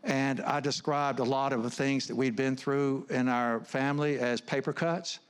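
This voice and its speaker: A man's voice: mid-range voice, fairly even intonation, moderate pace, clear, resonant tone. A middle-aged man, giving an earnest, conversational sermon full of personal stories, often restarting his words. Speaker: guest speaker, counselor. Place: church stage.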